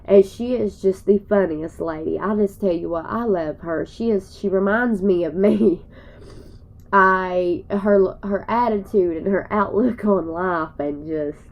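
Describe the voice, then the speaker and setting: A woman's voice: medium pitch, slow pace, dull audio. A woman vlogger talking to her viewers while crying, in a rambling, folksy way. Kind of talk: emotional personal vlog.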